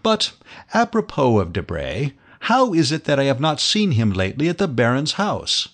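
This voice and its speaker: A man reading the part of a suave, cunning nobleman in an audiobook, courteous and quietly probing. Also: medium pitch, huge pitch swings, moderate pace, full character voice.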